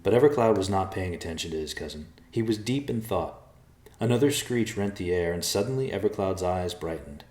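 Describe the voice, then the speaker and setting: Low-voiced guy narrating a story, really animated, bit echoey. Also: brisk. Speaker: audiobook narrator.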